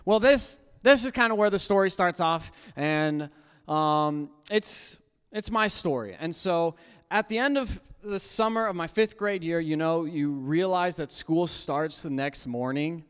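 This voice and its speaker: A young man telling a funny personal story to a live audience, animated, often jumping into high squeaky voices to act out his younger self. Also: unhurried, smooth. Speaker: storyteller speaking to a youth audience. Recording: long hall reverb.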